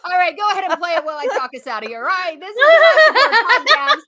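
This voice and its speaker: A woman co-hosting a podcast in casual chat, bubbly, excitable and playful. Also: very high-pitched, racing, crowd noise. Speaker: podcast co-host. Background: ukulele music.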